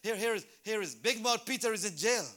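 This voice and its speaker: A man preaching a sermon at a church service, telling a story with lively acted-out scenes. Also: high-pitched, brisk. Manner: animated storytelling, acts out scenes.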